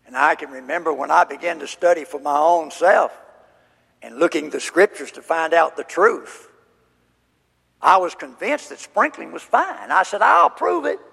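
A high-pitched man with a gravelly edge preaches at a slow, deliberate pace. His emphatic exposition of scripture rings with long hall reverb. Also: lively intonation, a bit bright. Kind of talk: sermon.

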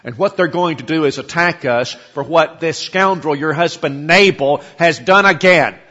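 A man's voice: a little high, normal speed, pushed and bright. A man voicing an alarmed male servant who urgently warns of an attack. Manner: urgent and rising. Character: alarmed male servant warning his mistress. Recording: lo-fi with long hall reverb.

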